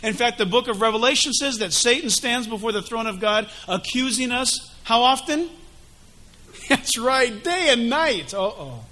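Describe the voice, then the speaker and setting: Animated man preaching, high bright voice, emphatic. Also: normal speed, a little hiss or hum. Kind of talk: sermon.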